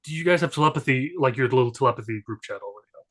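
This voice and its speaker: A man's voice: medium pitch, racing, a bit bright. A man runs a tabletop game in an easy, chatty way. His voice sits in an ordinary middle range, and he drifts through fillers and restarts as he describes the scene. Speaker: game master.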